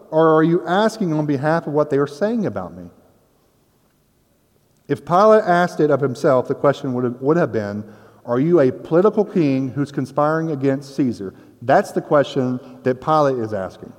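A man's voice: fairly high pitch, lively intonation, normal speed, darkish tone. A man preaching a conversational sermon, explaining scripture in a casual, explanatory way with playful asides. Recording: long hall reverb.

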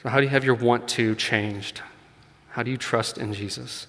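A man delivers an earnest, conversational sermon in a church hall, where the sound carries a long reverb. His mid-range voice is steady, a bit bright and moderately paced, and he adds light laughs as he builds toward emphatic points.

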